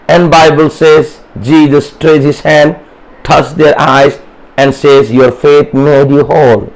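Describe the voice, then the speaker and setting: Male pastor, slightly high voice, fervent repeating sermon delivery. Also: slow, poor audio. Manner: fervent, repetitive, calls for responses.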